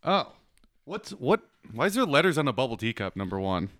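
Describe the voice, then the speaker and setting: Relaxed young man, dry close sound. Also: mid-range voice, brisk, no echo. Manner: relaxed, explaining things in detail. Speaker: co-host. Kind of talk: casual chat.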